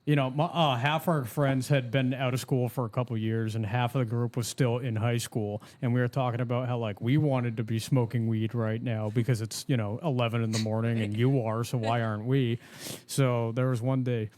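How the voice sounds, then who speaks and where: A man's voice: mid-range voice, steady tone, normal speed, hardly any pauses, darkish tone. Laid-back young man telling stories. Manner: profane storytelling, lots of "like". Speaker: podcast co-host. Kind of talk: casual chat.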